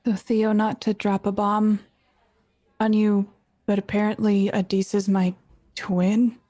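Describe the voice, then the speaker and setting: A woman's voice: medium pitch, little pitch movement, measured pace, warm tone. A woman playing a tabletop game, speaking in a hesitant, filler-heavy way. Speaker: player. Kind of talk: casual tabletop game talk.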